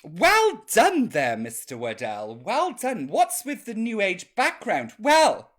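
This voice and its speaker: Lively camp drag grandma host. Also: male voice, high voice, slow pace. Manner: camp, chatty, reads out viewer comments. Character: cheeky camp drag grandmother, chatty and naughty. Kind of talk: live-streamed chat show.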